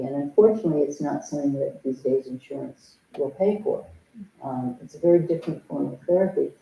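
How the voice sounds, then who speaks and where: A woman's voice: deep voice, vocal fry, dark tone, distant mic, highs cut off, a little hiss or hum. An older woman giving a dharma talk as a Zen teacher, telling a personal story in a frank, humorous way. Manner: frank, humorous, acts out remembered dialogue. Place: temple meditation hall. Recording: echoey hall, voice from afar.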